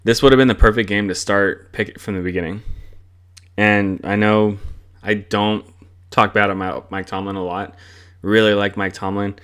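A young man with a lowish voice vents about his football team in a loose, rambling podcast rant. He swears freely and circles back on his frustrations, talking the way a fan does to friends. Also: level tone, moderate pace, fairly bright tone, clean tone. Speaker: sports podcast host. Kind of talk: casual sports rant.

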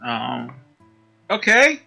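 A man playing a tabletop game, easygoing and playful, speaking haltingly with fillers. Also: medium pitch, wildly swooping pitch, creaky, sharp tone, faint music behind. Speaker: player. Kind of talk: casual tabletop game chat.

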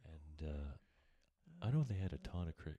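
A man's voice: extremely low pitch, lively intonation, measured pace, warm tone, no room sound. A man co-hosting a podcast, chatting casually and rambling with lots of fillers. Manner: laid-back, rambling with many fillers. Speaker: podcast co-host. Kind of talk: casual chat.

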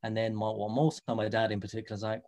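A man's voice: on the low side, level tone, quick pace, a little mellow. A man in his thirties with a London accent, a podcast guest earnestly telling his story and acting out the dialogue he quotes. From England. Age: 30s. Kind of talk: casual podcast interview.

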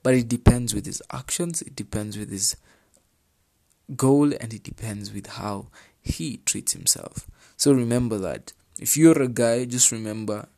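A man's voice: mid-range voice, darkish tone. A man with a Kenyan accent, chatting casually as he reads out and comments on relationship advice. He repeats his points for emphasis and slips into Swahili slang. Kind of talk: casual chat reading out viewer advice.

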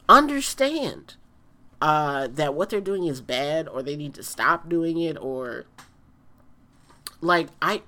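A woman's voice: low voice, bright, forceful tone. A woman in a casual ranting monologue, blunt and emphatic, who repeats her points and swears freely.

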